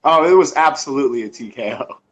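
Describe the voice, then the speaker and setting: A man co-hosting a casual chat, speaking slowly and bluntly with halting restarts. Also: mid-range voice, animated, fairly bright tone, rough recording. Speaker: co-host.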